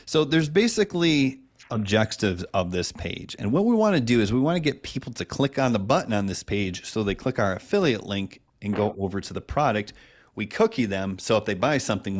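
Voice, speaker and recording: A man with a slightly low voice walks through a marketing method as a relaxed lesson. He talks conversationally, keeps checking in with "right?" and invents quick examples as he goes. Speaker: online marketing instructor. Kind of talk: casual instructional talk.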